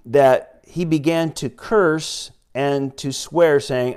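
A man's voice: medium pitch, takes it slowly, darkish tone, clear, resonant tone. A man giving an informal sermon in a church, conversational and rambling, with many fillers and restarts, reading and retelling scripture. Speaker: preacher.

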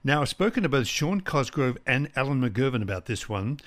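A man with a medium-pitched voice hosts an interview. He asks measured, well-prepared questions. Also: big pitch swings, fairly bright tone. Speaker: podcast host.

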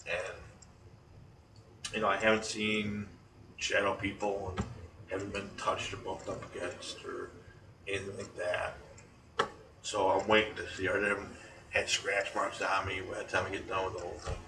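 A man casually recounting paranormal investigations, animated and quick to laugh, acting out the voices he quotes. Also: deep voice. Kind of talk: casual storytelling chat. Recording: echoey room, distant mic, faint noise.

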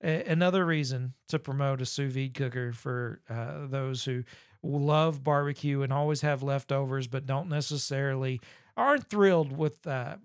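A man's voice: mid-range voice, moderate pace, dry recording, studio quality. A man co-hosting a podcast, chatting in a folksy, rambling way with many fillers. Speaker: podcast co-host. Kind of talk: casual podcast chat.

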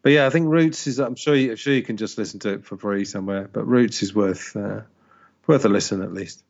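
A lower-voiced man co-hosting a music podcast, thoughtful and a little hesitant. His audio sounds dull and lo-fi, as if from a weaker mic. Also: creaky, a little mellow. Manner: measured, reflective, hesitant fillers. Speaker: podcast co-host and radio show host. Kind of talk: casual music podcast chat.

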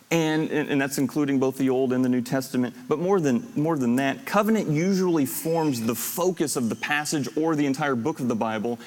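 A man teaching a Bible class, explaining step by step, recapping lists and putting questions to his students. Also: fairly high pitch. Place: classroom or church hall with students. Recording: long reverb of a hall.

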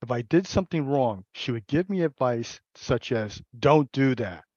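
A man giving a personal recovery share at a support meeting, speaking candidly and haltingly, repeating words and laughing. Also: mid-range voice, expressive, a little mellow, breathy edge, no echo, muffled recording.

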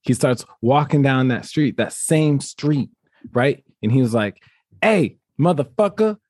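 A man's voice: mid-range voice, a little slow, a little mellow, no echo. A young man with a mid-range voice runs a game among friends and keeps it moving. He teases the others and swears freely. The recording is dry and close. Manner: directs the game, profane and teasing. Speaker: podcast host. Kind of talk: casual game-show banter.

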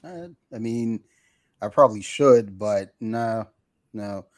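A man with a fairly low voice tells a story in casual chat, cursing often and slipping into the voices of angry callers. His voice sits close and dry, with no room sound around it. He rambles and restarts, easygoing and unpolished. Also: slow pace, dry recording. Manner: rambling storyteller, swears, acts out phone callers.

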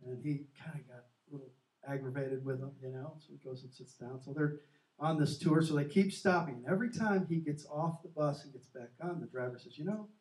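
On a Christian talk show, a male co-host with a mid-range voice tells faith stories fairly quickly, earnest and animated, acting out quotes along the way. The audio is echoey, with him distant from the mic.

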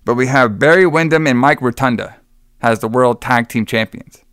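A man's voice: mid-range voice, normal speed, a bit bright, smooth, no echo, studio quality. A man hosting a podcast, retelling a show in a rambling, laughing, swearing chat. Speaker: podcast host.

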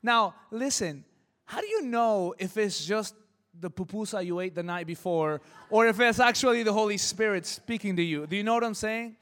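A pastor telling a personal story in a sermon, lively, acting out the voices in it. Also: male voice, sits high, normal speed, big-room sound. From Southern California. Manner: animated, acts out voices in his stories. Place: church hall.

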